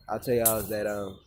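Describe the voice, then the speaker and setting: A man's voice: on the low side, a little hiss or hum. A man in a rambling, profane casual monologue who often repeats himself and restarts. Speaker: vlogger.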